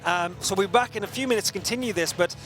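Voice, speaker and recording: A man's voice: high voice, very fast, a bit bright. A man from Somerset, England, with a light Somerset accent tinged with American, chatting as an esports caster between matches and searching for words as he rambles. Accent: light Somerset English with an American tinge. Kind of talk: casual chat between matches.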